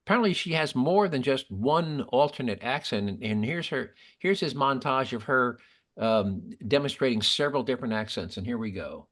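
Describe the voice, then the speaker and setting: A man's voice: medium pitch, animated, moderate pace, fairly bright tone. A man hosting a casual political podcast, giving opinions and arguing with statistics. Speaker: podcast host.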